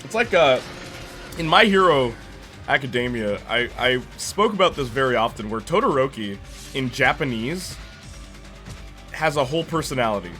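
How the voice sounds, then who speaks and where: Animated young male streamer. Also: mid-range voice, moderate pace, pauses often, soft background music. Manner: animated, rambling, laughs often, slangy. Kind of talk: casual chat while reacting to a movie on stream.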